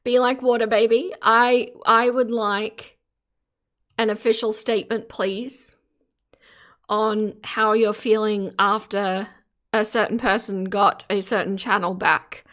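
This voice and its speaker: A woman's voice: medium pitch, little pitch movement, slow pace, fairly bright tone. An Australian woman chatting casually on a live stream, laughing often and teasing her chat. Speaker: streamer reacting to videos.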